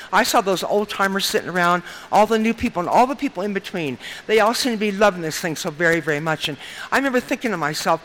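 A woman's voice: lowish voice, fairly bright tone, low-quality recording. A middle-aged woman telling a group her personal story in an earnest way, repeating phrases and often adding "and stuff". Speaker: speaker sharing at a recovery meeting. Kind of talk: personal testimony told to a group.

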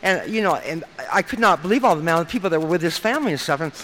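Middle-aged woman, quick and bright, earnest testimony to a group, repeats herself. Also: on the low side, lively intonation, a little hiss or hum, low-quality recording. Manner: earnest, repeats phrases, often adds "and stuff". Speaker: speaker sharing at a recovery meeting. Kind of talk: personal testimony told to a group.

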